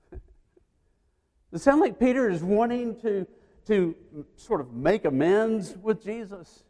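Male preacher, sermon, storytelling, slow delivery, slightly high voice, long church reverb. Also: animated. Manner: storytelling, acting out voices, swinging from loud to hushed.

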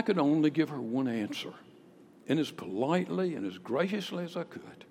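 A man preaching a sermon as pastor, emphatic, climbing to loud peaks on key phrases. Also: fairly high pitch, lively intonation, moderate pace, vocal fry, slight background noise. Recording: long hall reverb.

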